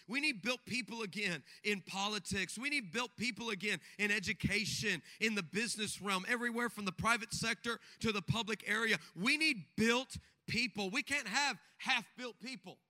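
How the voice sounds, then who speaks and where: A young male pastor delivers an emphatic sermon, breaking into comic stories and acting out their voices. His voice sits high, with a very bright, forceful edge. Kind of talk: sermon with humorous storytelling.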